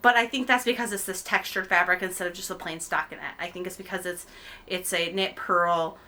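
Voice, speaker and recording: A woman's voice: fairly low pitch, steady tone, a little fast, bright, forceful tone. An American-raised woman hosting a knitting podcast, chatting casually and rambling with ums and self-corrections as she knits at home on a camera mic. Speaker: podcast host. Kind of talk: casual chat while knitting.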